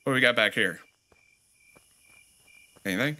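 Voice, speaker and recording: A man's voice: lively intonation, a little slow, pauses often, bright, forceful tone. A man commenting on a horror game as he plays, joking and sarcastic, reading the game's notes aloud. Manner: playfully mocks the game with sudden high squeals. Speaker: gameplay commentator.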